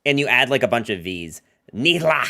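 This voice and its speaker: Lively, rambling male game streamer. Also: lowish voice, quick pace. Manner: rambling, filler-heavy, jokey asides to chat. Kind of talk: casual livestream chat while playing a card game.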